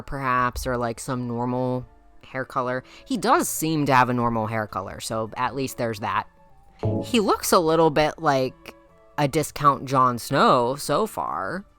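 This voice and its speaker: Low-voiced, lively, teasing Midwestern woman. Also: clear, resonant tone. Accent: Midwestern American. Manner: teasing, playful, laughs often. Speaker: YouTuber. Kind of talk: comedic roast commentary.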